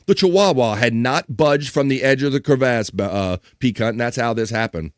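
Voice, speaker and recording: A man hosts a laid-back live stream, cracking jokes as he reads out news articles and viewer comments. His voice sits at a mid pitch and the sound is dry and close, with no room echo. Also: brisk. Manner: joking, reads chat comments and articles aloud, laughs often. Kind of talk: casual joking chat and reading news aloud.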